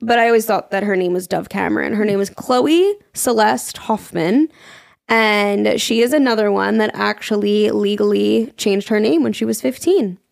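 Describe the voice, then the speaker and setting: A woman's voice: medium pitch, normal speed, vocal fry, no room sound, clean studio sound. A woman co-hosting a podcast in casual chat, giggly and chatty as she reads out trivia. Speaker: podcast co-host.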